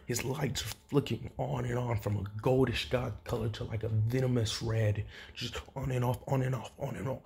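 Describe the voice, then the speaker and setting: Gravelly man rambling through a story. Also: medium pitch, normal speed, few pauses, a little hiss or hum. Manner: rambling, with many fillers and restarts; grows loud and excited at dramatic moments. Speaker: fan-theory storyteller. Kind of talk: casual improvised retelling.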